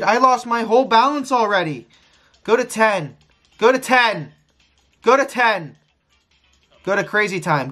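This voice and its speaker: Excitable man pleading with a casino wheel. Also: high voice. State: frustrated. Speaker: gambling streamer. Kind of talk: live casino session commentary.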